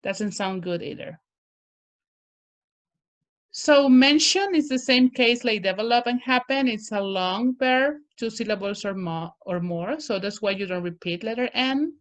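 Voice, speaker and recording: Woman teacher, unhurried and clear, taking learners through spelling rules word by word. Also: on the high side. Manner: slow, careful, stresses each word to model pronunciation. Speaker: English teacher. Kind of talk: online grammar lesson.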